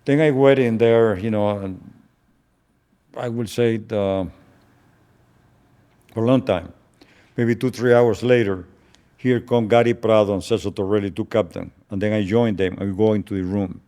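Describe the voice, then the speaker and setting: An older man whose first language is Spanish, recounting a past event in an interview as a slow, solemn storyteller who often stops and repeats words. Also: lowish voice, steady tone, dark tone.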